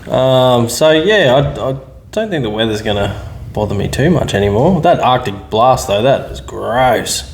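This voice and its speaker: An Australian man of middle pitch talks bluntly and swears freely, spinning casual stories. His voice echoes in a roomy space, with faint ambience behind it. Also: lively intonation, a little slow, slight background noise. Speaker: podcast co-host. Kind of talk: casual chat.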